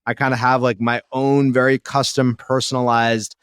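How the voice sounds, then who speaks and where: Podcast host, male, 30s; smooth clear voice, dry close sound, eager casual talk. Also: mid-range voice, little pitch movement, moderate pace, fairly bright tone, dry recording. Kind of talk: casual conversational interview.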